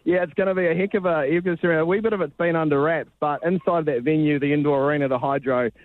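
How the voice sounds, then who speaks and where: A man's voice: a little high, steady tone, racing, narrow, tinny audio. A man, a sports reporter chatting casually on a radio show, laid-back and full of restarts. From New Zealand. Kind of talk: casual radio phone-in chat.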